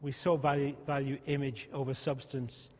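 Here a pastor preaches in a conversational style, often restarting and repeating himself. His medium-pitched voice is level and darkish at a moderate pace, captured as muffled audio with a long hall reverb.

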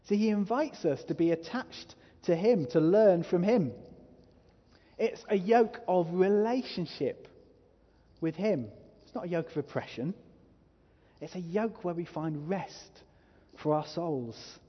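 A high-pitched man with lively intonation speaks at a measured pace, preaching as a pastor in a church hall. He starts earnest and grows more emphatic as he urges his listeners on, and the recording has a muffled hall reverb.

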